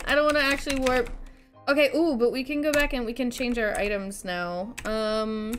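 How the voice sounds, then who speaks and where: Giggly high-voiced woman streamer. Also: normal speed, soft background music. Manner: giggly, animated, talks to herself and thanks chat. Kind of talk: casual game live-stream commentary.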